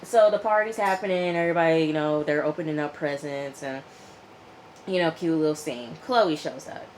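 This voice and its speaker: Low-voiced woman chatting through a recap. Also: slight background noise, rough recording. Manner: chatty, animated retelling with frequent "okay?" and fillers; acts out the people she quotes. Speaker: TV episode reviewer. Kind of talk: casual episode recap.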